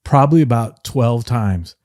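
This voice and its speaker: A man's voice: mid-range voice, measured pace, no echo, studio quality. Middle-aged man spinning rambling anecdotes. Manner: rambling, animated anecdotes with playful voice impressions. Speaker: podcast guest, former wrestling writer. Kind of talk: casual interview storytelling.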